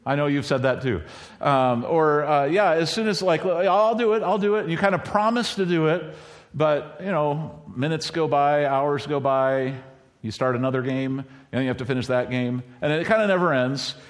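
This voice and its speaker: A middle-aged man preaching a sermon in a conversational way, now and then acting out quoted lines in a higher voice. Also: normal speed. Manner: conversational, acts out quoted lines with bursts of high pitch. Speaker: pastor.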